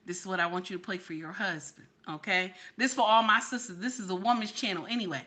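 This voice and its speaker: A woman host lectures her viewers in sassy, preachy reaction commentary. Her bright, forceful voice addresses the audience head-on. She sits in the middle of the usual pitch for a woman. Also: fast talker. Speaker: channel host.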